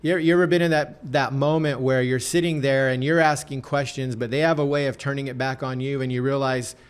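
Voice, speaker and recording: A man's voice: medium pitch, steady tone, fairly quick, clean tone. A man hosting a podcast, chatty and prone to restarting sentences as he tells stories. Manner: chatty, laughs while telling stories, self-interrupting. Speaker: podcast host. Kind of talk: podcast conversation.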